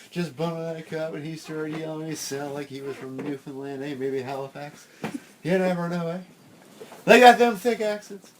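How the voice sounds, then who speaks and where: A man's voice: a little high, normal speed, slight background noise, close to an everyday voice. A man voicing a chatty Canadian man who tags his sentences with "eh" and rambles through a story. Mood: folksy.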